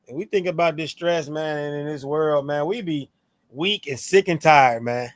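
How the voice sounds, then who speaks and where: A man co-hosting a scripture talk in a relaxed, slangy way, switching into playful tones when he quotes. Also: on the high side, moderate pace, no echo. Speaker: co-host of a scripture show. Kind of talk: casual religious discussion.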